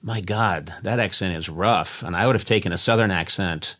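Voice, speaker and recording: A man's voice: low voice, moderate pace. A man from Massachusetts hosting a talk show, chatting with a caller and joking often. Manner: joking, animated, laughs often. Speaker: radio show host. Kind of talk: casual call-in chat.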